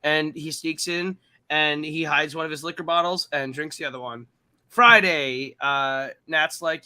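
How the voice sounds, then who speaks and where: A man's voice: a little high, unhurried, bright, forceful tone. A man hosting a podcast, recapping a film in a casual, rambling and profane way, with lots of ums and uhs. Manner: rambling and profane, heavy fillers. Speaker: podcast host.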